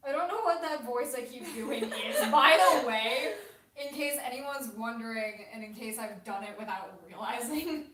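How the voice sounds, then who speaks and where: A woman hosting a livestream, chatting casually and laughing often, with a self-deprecating manner and some vocal fry. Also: fairly high pitch, moderate pace, fairly bright tone, roomy sound, far from the mic. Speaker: livestream host. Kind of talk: casual chat.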